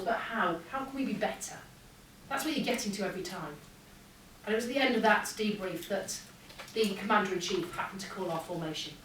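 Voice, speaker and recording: A woman, a former air force pilot, giving a lively motivational keynote and acting out the dialogue in her stories. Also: medium pitch. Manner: lively anecdotal, acts out dialogue. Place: large hall with an audience. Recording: echoey hall, distant mic, faint hum.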